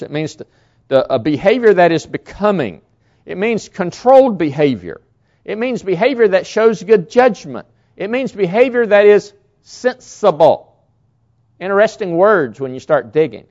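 A male pastor delivers a sermon with emphasis, repeating key words and swinging from loud lines to hushed ones. His voice is fairly high, and the recording sounds muffled.

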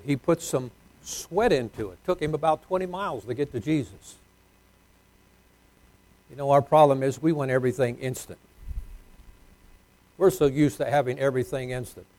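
Male pastor, folksy sermon, loud-to-hushed swings, dry close sound. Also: mid-range voice, no room sound.

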